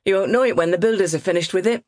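A woman narrator voicing a brisk, offhand male estate agent in an audiobook. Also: medium pitch, darkish tone, dry recording, studio quality, pitched above the performer's own voice, lightly acted. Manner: brisk and breezy. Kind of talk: audiobook character reading.

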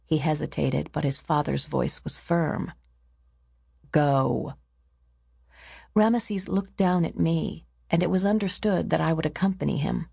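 A woman narrating an audiobook in a measured storytelling manner. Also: low voice, gravelly, dark tone, husky, dry recording.

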